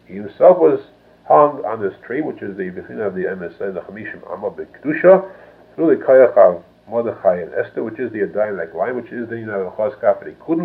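A man's voice: fairly low pitch, gravelly. A man giving a traditional text lecture, reading a passage and then explaining it phrase by phrase. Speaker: religious teacher. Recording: narrow phone-like lo-fi sound.

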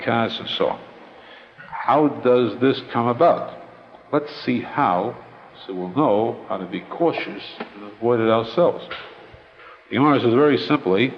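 Gravelly man giving a Torah lecture. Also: lowish voice, big-room sound, lo-fi sound, slight background noise. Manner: explaining slowly, with many pauses and restatements. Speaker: rabbi.

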